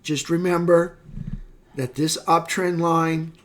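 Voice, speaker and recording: Slightly hoarse man recapping markets. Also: a little high, fairly even intonation, takes it slowly, a little hiss or hum. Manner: casual, thinking aloud with fillers and self-corrections. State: slightly hoarse, losing his voice. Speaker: market analyst. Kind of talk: screen-share market recap.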